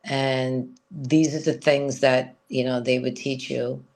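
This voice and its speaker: A woman's voice: extremely low pitch, flat delivery, slow pace, a little mellow. A woman as an interview guest, telling a personal story in a frank, rambling way with lots of "you know.".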